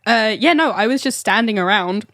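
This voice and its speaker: A woman's voice: medium pitch, lively intonation, moderate pace, fairly bright tone, no room sound, studio quality. A woman co-hosting a podcast in casual chat, telling stories with lots of laughter and swearing. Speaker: podcast co-host.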